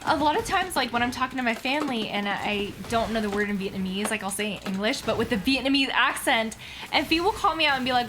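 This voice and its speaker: A woman's voice: mid-range voice, fairly bright tone, a little hiss or hum. A woman in her thirties, a doctor in training, chatting casually on a live stream in a bubbly way, with many fillers.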